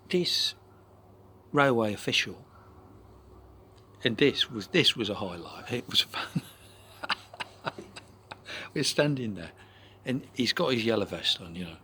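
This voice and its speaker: A man tells a meandering everyday story, dotted with asides and sometimes sinking into a hushed whisper. His voice sits somewhat low, and a faint background hiss runs underneath. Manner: rambling, chatty, full of "you know" asides, drops into soft whispers. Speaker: vlogger. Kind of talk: casual anecdote telling.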